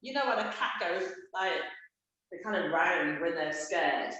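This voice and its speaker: Slow, playful yoga teacher. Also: female voice, fairly low pitch, animated, pushed and bright, muffled recording. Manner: playful, encouraging step-by-step cues. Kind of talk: live guided yoga class for children. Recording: very echoey room.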